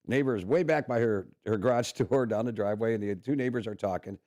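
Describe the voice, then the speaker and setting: A man's voice: fairly low pitch, fast talker, darkish tone. A man with a Midwestern American accent co-hosting a morning radio show, telling easygoing anecdotes with laughter. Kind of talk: casual morning radio chat. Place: radio studio.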